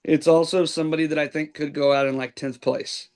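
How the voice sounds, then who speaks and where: Male podcast host, slightly higher voice, loose and halting delivery. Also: clean tone. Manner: relaxed, hesitant with restarts and fillers. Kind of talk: casual chat.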